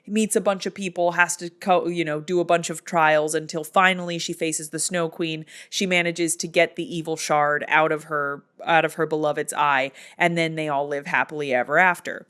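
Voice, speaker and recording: A woman hosting a casual movie recap, telling the plot in a lively way and acting out the characters. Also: low voice, moderate pace. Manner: animated storytelling that acts out characters. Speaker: film recap host.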